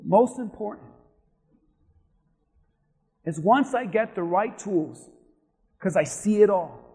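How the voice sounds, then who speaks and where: A male pastor with a very high voice delivers a lively storytelling sermon. He drops to a near hush, then climbs into shouting. The sound carries a long reverb from a large church sanctuary. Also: slow pace, slightly rough. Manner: animated storytelling, swings from hushed to shouting.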